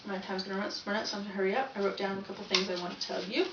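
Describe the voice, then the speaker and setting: A woman's voice: mid-range voice, steady tone, very fast, noisy background. Chatty young woman, echoey distant sound. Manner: chatty, rambling, self-correcting. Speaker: vlogger. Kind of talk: casual video diary. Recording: echoey, dull, from off the mic.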